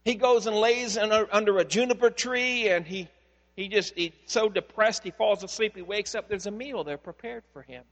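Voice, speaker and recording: A male pastor preaches with lively, conversational storytelling, his voice pitched notably high. Every phrase rings out into a long-echoing hall, as from a church sanctuary. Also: normal speed. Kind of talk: sermon.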